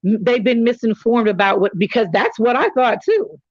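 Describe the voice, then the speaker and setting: A woman's voice: fairly high pitch, sing-song, moderate pace, no echo, dull audio. A middle-aged woman from California hosting a casual chat, telling candid stories with joking asides. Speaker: host.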